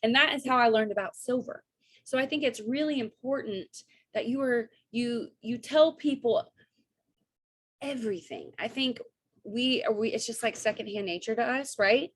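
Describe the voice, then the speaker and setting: A young woman coaching her team on a video call, chatty and upbeat, with quick asides and bits of quoted dialogue. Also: on the high side, slightly rough.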